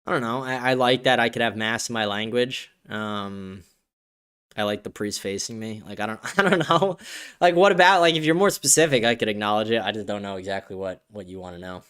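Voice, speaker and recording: A man hosting a podcast in casual chat, excitable and profane, often laughing as he reads and answers viewer comments. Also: fairly low pitch, brisk, clear, resonant tone. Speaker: podcast host.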